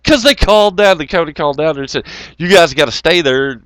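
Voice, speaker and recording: A man's voice: on the high side, animated, fairly quick, a bit bright, no echo. A man telling rambling oil-field stories in a casual, profane way, often laughing.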